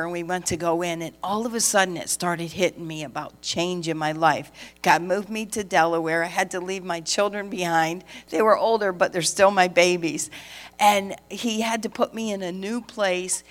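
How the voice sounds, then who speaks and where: Middle-aged woman preacher, slightly low voice, lively storyteller who acts out every line of dialogue. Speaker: pastor's wife and preacher. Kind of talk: sermon testimony.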